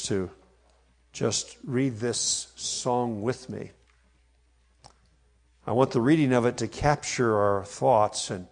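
A man preaching a sermon, leading his congregation in a slow, emphatic reading and swelling loud on key phrases. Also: medium pitch. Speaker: pastor.

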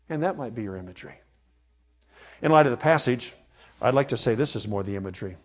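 A man preaching a sermon, leading his congregation in a slow, emphatic reading and swelling loud on key phrases. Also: mid-range voice. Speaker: pastor.

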